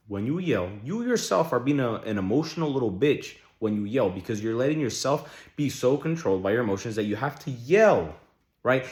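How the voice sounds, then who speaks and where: A young man vlogging casual relationship advice, blunt and full of swearing, who keeps asking his viewers rhetorical questions. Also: mid-range voice. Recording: echoey room.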